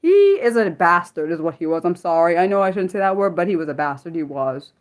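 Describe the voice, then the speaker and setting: A woman's voice: lowish voice, sing-song, fairly quick. Woman hosting an unscripted livestream; rambling, apologetic, chatty reactions to viewers. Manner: rambling, often apologizing, reacting to chat comments. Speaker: livestream host. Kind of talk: casual unscripted livestream chat.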